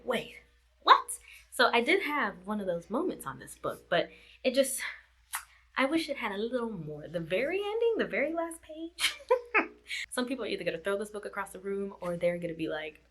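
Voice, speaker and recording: A woman's voice: on the high side, bright, forceful tone. A woman reviewing a book in a casual vlog chat, repeating herself and laughing often. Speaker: book vlogger.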